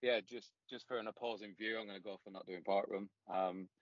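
A man's voice: fairly low pitch, steady tone, brisk, no room sound. A man guesting on a comedy podcast, dry and wry. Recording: dry dull lo-fi sound.

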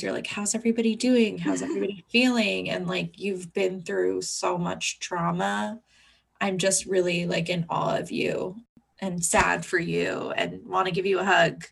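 A woman co-hosting a podcast, speaking gently and reflectively with warm empathy for her guest. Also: lowish voice, creaky, husky. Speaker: podcast co-host. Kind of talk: casual podcast conversation.

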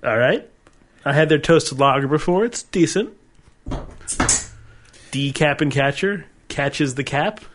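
A man's voice: fairly high pitch, expressive, unhurried, long pauses, background noise. A man co-hosting a podcast, chatting playfully about beer and chuckling often. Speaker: podcast co-host. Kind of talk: casual beer-tasting chat.

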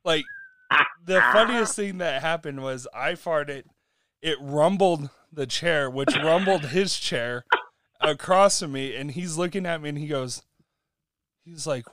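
Man, podcast host, casual chat, laughs a lot, higher voice, dry close sound. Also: animated, normal speed, fairly bright tone, no echo. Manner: laughs a lot while telling stories. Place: Utah.

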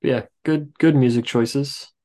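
A man's voice: medium pitch, steady tone, slow, darkish tone. A man co-hosting a podcast, casually reviewing a movie and rambling through trivia asides. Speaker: podcast co-host.

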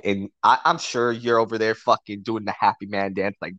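A man's voice: on the low side, fairly quick, hardly any pauses, no echo, dull audio. A man telling a crude story to a friend in casual chat, swearing constantly and laughing often. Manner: profane, animated, laughs often. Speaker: podcast co-host telling a story.

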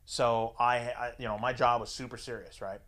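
A man's voice: medium pitch, level tone, normal speed, a bit bright. A man telling a story in casual chat, swearing freely and talking with animation.

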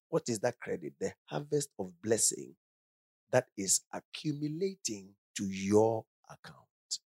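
Male preacher, lively pitch, dry close sound, keeps asking "true or false" of the congregation. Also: gravelly, no echo. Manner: call-and-response questions to the congregation; rising emphatic reading of scripture. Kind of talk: sermon with Bible reading.

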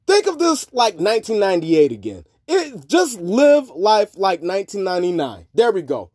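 A man hosting a podcast, talking in a rambling, profane monologue that swings between low mutters and loud outbursts. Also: wildly swooping pitch, normal speed, no echo, studio quality. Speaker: podcast host. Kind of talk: casual monologue.

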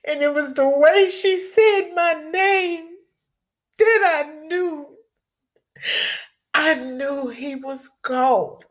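Slow, emotional woman telling a story. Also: high-pitched. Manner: emotional, halting, repeats words; casual, blunt, swears. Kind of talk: personal storytelling to an audience.

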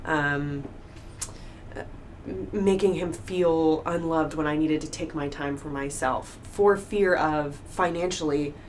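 A woman talking openly in a casual conversation, telling personal stories with lively acted-out quotes. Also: low voice, slow pace. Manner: open, animated storytelling with acted-out quotes. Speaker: guest. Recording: faint background noise.

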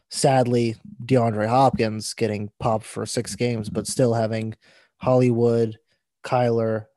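A man's voice: fairly low pitch, no echo. A man co-hosting a podcast, giving his takes in casual sports chat and often restarting his sentences. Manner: flat, repeats words as he restarts. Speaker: podcast co-host.

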